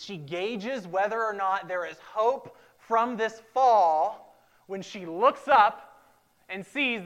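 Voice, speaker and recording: A man preaching a sermon, emphatic, repeating key phrases and swinging from loud to hushed. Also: sits high. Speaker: pastor.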